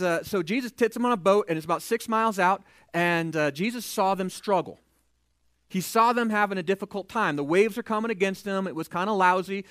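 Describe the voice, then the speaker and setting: A man preaching a sermon, retelling a scripture story in a lively, conversational way and acting out the characters' voices. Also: high-pitched, no echo.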